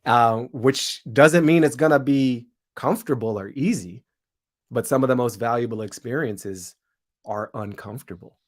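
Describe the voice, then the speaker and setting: A man speaking as an interview guest, reflective and thoughtful, with quick asides and frequent laughs. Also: mid-range voice. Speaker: guest, comedian and show host.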